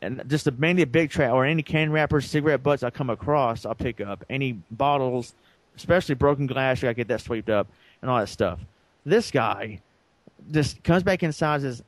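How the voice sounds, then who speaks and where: A man's voice: medium pitch, fairly quick, no echo. Rambling storyteller man, dry sound. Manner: rambling, acts out quoted dialogue. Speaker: podcast co-host. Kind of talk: casual storytelling.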